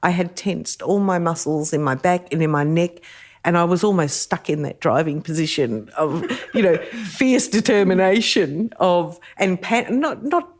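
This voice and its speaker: A middle-aged woman with an Australian accent, a podcast guest telling lively stories with frequent laughter. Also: fairly low pitch, normal speed. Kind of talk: storytelling in casual chat.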